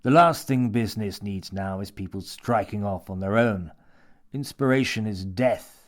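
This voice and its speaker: Man voicing a menacing mad old man, coaxing, smooth, lecturing, a bit louder and higher. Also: moderate pace, natural voice.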